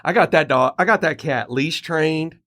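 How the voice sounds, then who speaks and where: A man's voice: on the high side, moderate pace. Storytelling middle-aged man host. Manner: animated anecdote teller, acts out quoted dialogue. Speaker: podcast host. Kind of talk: casual storytelling chat. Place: Colorado home.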